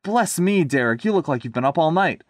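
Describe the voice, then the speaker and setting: Man playing a male train driver, gruff, friendly, matter-of-fact. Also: fairly high pitch, lively intonation, a little fast, no room sound, studio quality, voice pushed up, natural voice.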